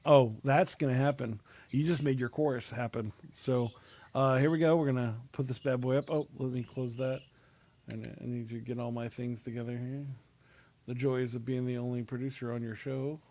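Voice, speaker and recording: A man's voice: mid-range voice, steady tone, moderate pace. A man hosting and producing his own show, chatting casually with a self-deprecating, joking manner. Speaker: podcast host and producer. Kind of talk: casual chat. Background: loud music beat.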